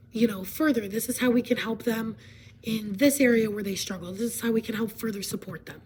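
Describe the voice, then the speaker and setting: A woman hoarse from laryngitis, partly whispering as she explains a presentation in a casual way, with fillers and frequent throat clearing. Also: on the high side, steady tone, brisk, darkish tone, slight background noise, rough recording.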